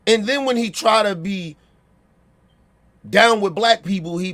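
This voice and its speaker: A man's voice: high voice, very animated, moderate pace, a bit bright. A man with a Baltimore accent giving a blunt, profane opinion rant, repeating himself and checking that listeners agree.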